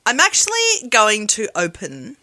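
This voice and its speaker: A woman's voice: fairly high pitch, huge pitch swings, a little slow, pushed and bright, no echo. Giggly Australian woman co-hosting radio. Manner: giggly, teasing. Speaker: radio co-host. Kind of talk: boisterous morning radio banter. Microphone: studio microphone.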